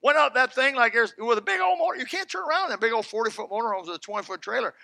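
Bright, fervent preaching man. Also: very high voice, expressive, racing, creaky, no room sound. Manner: fervent, folksy preaching that swings from hushed to loud. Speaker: pastor. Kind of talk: sermon.

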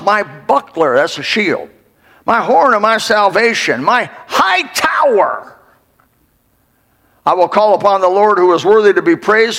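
An older man, a pastor, preaching a fervent sermon and rising to sudden shouts. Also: high-pitched. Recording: long hall reverb.

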